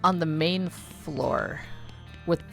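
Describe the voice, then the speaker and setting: A woman's voice: deep voice, extremely slow, gravelly, faint music behind. A woman in her thirties chatting casually while playing a video game, rambling with lots of fillers and easy swearing. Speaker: streamer.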